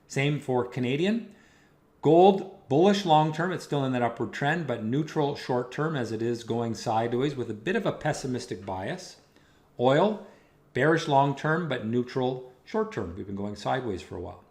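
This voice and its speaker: A man hosting a weekly market commentary, talking over charts on screen. He explains each chart in a steady, plain way with casual asides. His voice sits at an ordinary middle pitch. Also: normal speed. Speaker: market analyst host.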